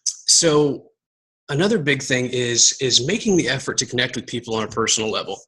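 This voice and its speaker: A man from Southern Texas giving a casual motivational talk to his team, energetic and rambling, repeating words and calling his viewers guys. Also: medium pitch, breathy edge, poor audio. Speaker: team coach giving a live video talk.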